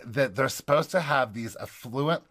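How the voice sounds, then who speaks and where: A man's voice: mid-range voice, moderate pace, fairly bright tone, no echo. Male podcast co-host, casual recap chat, opinionated, dry close sound, mid-range voice. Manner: chatty, opinionated, frequent restarts.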